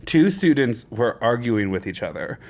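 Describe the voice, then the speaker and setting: A man's voice: mid-range voice, moderate pace. A man co-hosting a podcast, telling funny stories from his teaching job with lots of laughter and acted-out voices. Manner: animated, laughing, acts out voices in anecdotes. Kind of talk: casual chat, storytelling.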